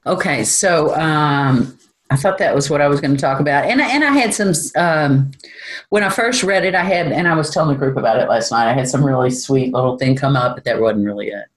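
A spiritual teacher talks loosely and candidly from a room at home. The tone is self-deprecating, with frequent laughter, and the pitch sits in a middling range. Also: a little fast, rough recording. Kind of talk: informal spiritual talk.

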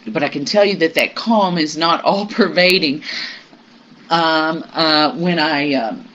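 A group member sharing personal news in a meditation group, halting and reflective, with many pauses and fillers. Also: mid-range voice, a bit bright. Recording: muffled recording with faint hiss.

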